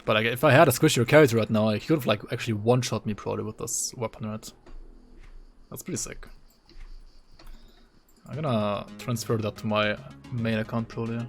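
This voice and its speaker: A man's voice: on the low side, fairly even intonation, fast, soft background music. A man streaming a game, chatting casually with viewers, full of filler words and tag questions. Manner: laid-back, lots of likes and rights. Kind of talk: casual gameplay commentary.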